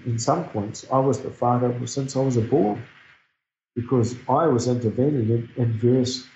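Middle-aged kiwi guy with a new zealand accent, earnest reflective storytelling, dark mellow voice, muffled roomy recording. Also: mid-range voice. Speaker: guest speaker. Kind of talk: personal storytelling in a podcast interview. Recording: dull, echoey recording.

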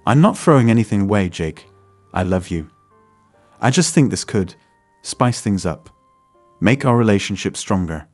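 A man's voice: on the low side, expressive, normal speed, darkish tone, no room sound, faint music behind. A man voicing a restless young wife who is earnestly and defensively arguing for an open marriage. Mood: pleading.

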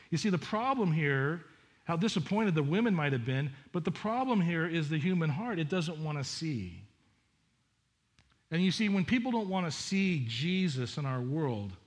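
Animated male pastor preaching, slightly high voice. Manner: animated, acts out voices of the women and disciples. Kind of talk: sermon.

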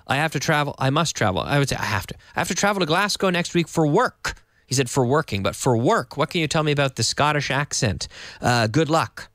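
A man's voice: mid-range voice, fairly bright tone, no room sound, clean studio sound. A man teaching an English lesson on the radio, explaining phrases at an easy pace, dropping in Spanish glosses and answering listener questions.

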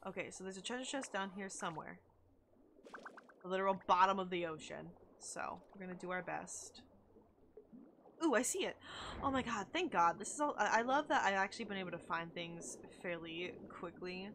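A woman's voice: mid-range voice, expressive, normal speed, fairly bright tone, a little hiss or hum. A young woman chatting casually and gushing while she streams a video game, with lots of likes and oh my gods. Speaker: gaming streamer. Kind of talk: casual live-stream chat while playing.

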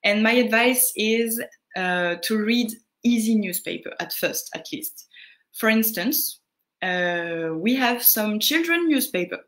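A woman with a French accent giving casual French lessons, answering viewer questions with frequent pauses and fillers. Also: medium pitch, lively intonation, fairly bright tone. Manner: unhurried, answering viewer questions, greets chatters; hesitant, many fillers. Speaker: French tutor on a live stream.

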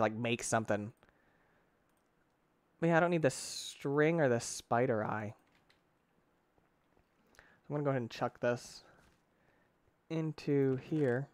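A man giving excitable, rambling commentary on his gameplay, talking to himself and breaking into sudden shouts. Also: no echo. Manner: excitable, with sudden shouts and big pitch jumps. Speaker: gaming channel host. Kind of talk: let's-play gameplay commentary.

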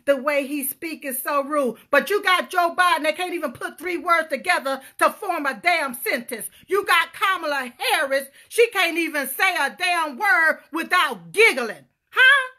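A woman giving a loud, emphatic political rant to her viewers, calling out to them often. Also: very high-pitched, expressive, unhurried. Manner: loud, emphatic, calls out to viewers, punctuates with "huh?". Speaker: political vlogger.

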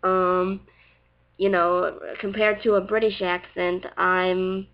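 A young woman with a light Southern US accent rambles casually through viewer questions in a Q&A vlog, leaning heavily on fillers like "like" and "you know." Her voice is lowish with little pitch movement, and she talks slowly. The tone is clean, though the recording sounds lo-fi.

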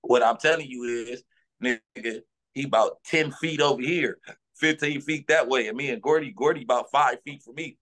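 A man's voice: medium pitch, normal speed, fairly bright tone. A man from Los Angeles, a guest in an interview, talking heatedly and insistently in profane street slang.

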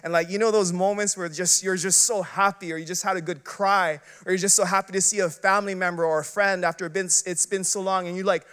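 A man preaching a sermon as an associate pastor. He talks conversationally, using lots of filler words and rhetorical questions. He swings between loud, emphatic bursts and quiet, hushed passages. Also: high voice, fairly even intonation, fairly quick, hardly any pauses, smooth.

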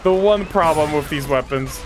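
A woman commentating her gameplay casually, excitable, swearing and trash-talking enemies. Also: low voice, normal speed, over music. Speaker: gaming streamer.

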